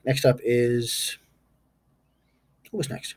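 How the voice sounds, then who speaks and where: A man's voice: mid-range voice, measured pace, breathy edge. A man game master giving a casual, rambling recap of his tabletop session, stopping now and then to recall names aloud.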